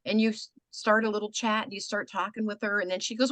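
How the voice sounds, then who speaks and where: An older American woman coaching a group on business pitches, conversational and animated. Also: fast, dry recording. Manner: conversational, animated, acts out quoted people.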